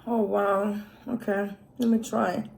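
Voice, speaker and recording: A young woman films a casual eating vlog, her talk unhurried and unbothered. She breaks into long savoring hums between bites and her voice sits at a middle pitch. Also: creaky, a little hiss or hum. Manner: slow, relaxed, with lots of savoring hums while eating. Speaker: mukbang vlogger.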